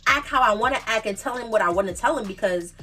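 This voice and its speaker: Higher-voiced New woman telling a story. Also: animated, fast talker, pushed and bright, distant mic, faint music behind. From the Bronx, New York. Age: 20s. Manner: emphatic, repetitive storytelling with slangy asides. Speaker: vlogger. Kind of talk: casual storytime.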